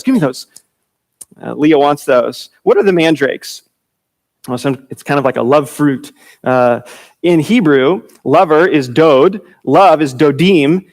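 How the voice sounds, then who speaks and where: A man's voice: on the high side, darkish tone. A man preaching a conversational Bible teaching, informal, with fillers, restarts and chuckles.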